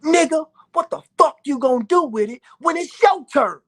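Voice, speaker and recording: Man doing a gruff old guy voice, high and pushy, cussing and demanding answers. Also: expressive, a little slow, full character voice. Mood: challenging. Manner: blunt, profane, challenging. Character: elderly male activist, gruff and blunt.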